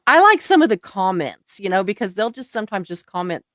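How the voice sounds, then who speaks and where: A woman with a non-native English accent hosts a live stream, reading viewer comments aloud and laughing often. Her mid-range voice is very animated and brisk, recorded in studio quality with no echo.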